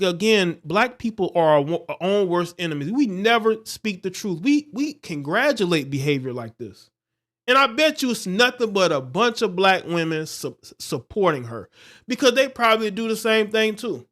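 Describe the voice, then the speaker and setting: Here a male streamer alternates between reading a news story and ranting about it with scorn, insults and preachiness. His voice is high with a fairly bright tone.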